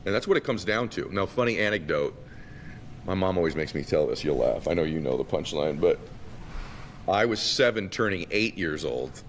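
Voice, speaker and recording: Brief: deep, lively male guest storyteller, long room reverb, faint rumble underneath. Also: normal speed. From Massachusetts. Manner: animated storyteller who acts out quotes. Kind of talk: storytelling in a conversation.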